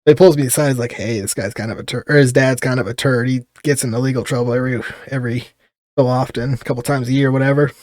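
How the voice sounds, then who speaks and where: A man's voice: medium pitch, little pitch movement, fast talker, a little mellow, no room sound, clean studio sound. A man, a police officer, telling stories in casual podcast chat and laughing often between lines.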